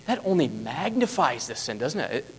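A man preaching a sermon as pastor, emphatic and full of rhetorical questions, dropping to a hush and then rising to loud stresses. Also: medium pitch, big pitch swings, normal speed, big-room sound, slight background noise, rough recording.

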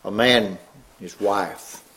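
Slow husky-voiced man preaching. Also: bright, forceful tone. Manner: slow, earnest, swelling up on key words then dropping low. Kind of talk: sermon.

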